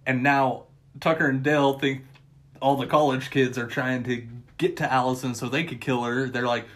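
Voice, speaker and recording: A man casually recapping a movie plot, swearing and laughing as he jumps into quick impressions of the characters. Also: medium pitch. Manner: excited, laughing, profane retelling with quick voice impressions. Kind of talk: casual chat.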